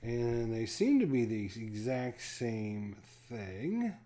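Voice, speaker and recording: Slow, mellow man thinking aloud. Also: medium pitch, very animated. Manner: muttering to himself, counting pieces. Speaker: board game unboxer. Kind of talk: casual thinking aloud while unboxing.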